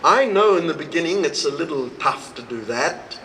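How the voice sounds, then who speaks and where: High-voiced swami guy talking slow at a retreat, little hiss on the recording. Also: poor audio. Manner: slow, storytelling, acts out dialogue with expressive rises in pitch. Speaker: swami giving a spiritual talk. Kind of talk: devotional talk to a live audience. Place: retreat hall, recorded live.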